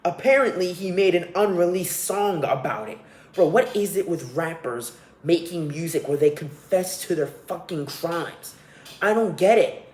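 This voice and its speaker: A man's voice: fairly high pitch, a little mellow. A young man hosting a solo podcast, ranting with profanity and scorn. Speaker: podcast host. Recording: roomy echo.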